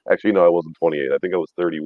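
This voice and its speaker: A man's voice: deep voice, no room sound, phone-quality sound. A man in his thirties telling rambling, profane stories in casual chat, laughing often. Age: 30s. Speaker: podcast host.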